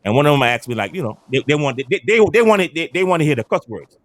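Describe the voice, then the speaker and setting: A man with a West Indian accent tells stories with animated energy and keeps repeating phrases for emphasis. His voice sits a bit higher than most men's. The talk is casual podcast chat. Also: fast talker, dry recording. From Antigua. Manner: animated storytelling, repeats himself. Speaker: podcast panel guest.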